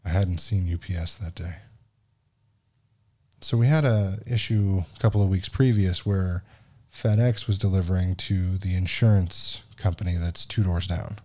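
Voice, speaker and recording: A man's voice: deep voice, moderate pace, dark tone. A man hosting a podcast, casually telling a story in a frustrated, profane way and acting out the dialogue. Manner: frustrated, profane, quotes other people in dialogue. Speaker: podcast host.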